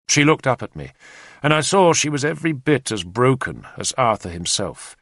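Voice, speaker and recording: A man narrating a historical novel in first person, measured and expressive. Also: medium pitch, dry recording, studio quality. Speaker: audiobook narrator.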